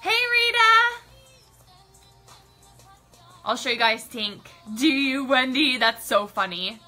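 Bubbly woman host, very bright high voice, chatty live-stream greeter, faint music behind. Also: animated, slow. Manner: bubbly, greets viewers by name, gushes. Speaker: livestream host. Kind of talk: casual live-stream chat.

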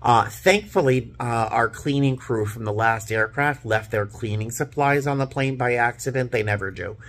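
A tired man from Boston, a flight attendant, chatting casually about his workday with lots of fillers and animated storytelling. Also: medium pitch, normal speed. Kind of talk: casual vlog chat.

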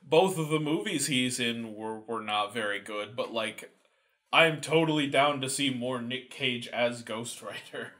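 A man's voice: medium pitch, measured pace. A man hosting a podcast in a casual chat, hesitant and self-correcting. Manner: relaxed, hesitant, many fillers, self-correcting. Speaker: podcast host.

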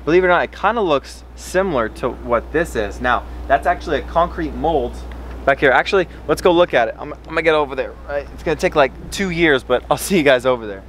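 A man filming a casual fishing vlog outdoors by a pond, chatty and excitable, hurting from a cut on his hand. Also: fast talker, slight background noise. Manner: excitable, talks to his fish in a high baby voice. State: in pain from a cut. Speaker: fishing vlogger.

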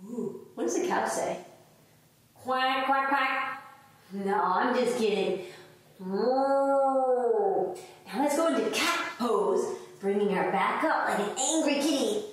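A kids' yoga teacher, her voice on the high side with lively intonation and a slow pace, playfully sing-songs her way through the lesson while making animal noises alongside the children. Faint noise and echo fill the recording, and she sounds distant.

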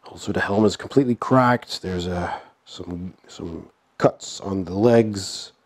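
In a low, unhurried voice, a man with a cold talks casually through unboxing a board game. His nasal delivery is relaxed, with frequent chuckling and fillers.

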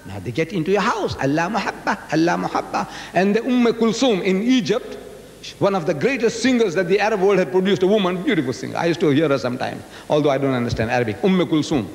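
Older man lecturing in an echoey hall. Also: quick pace. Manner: animated storytelling, acts out dialogue. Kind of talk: public religious lecture. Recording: echoey hall, faint rumble.

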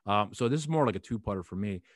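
A man's voice: fairly low pitch, expressive, quick pace, dry recording, clean studio sound. A man hosting an interview show, asking long questions full of hesitations and restarts, openly a fan. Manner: hesitant, many fillers and restarts, eager fan. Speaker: podcast host.

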